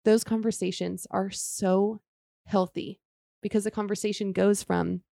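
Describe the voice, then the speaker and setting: Earnest woman with a gravelly, mellow voice. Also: mid-range voice, little pitch movement, a little slow. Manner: earnest, speaks in long flowing run-ons. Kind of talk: faith-based podcast chat.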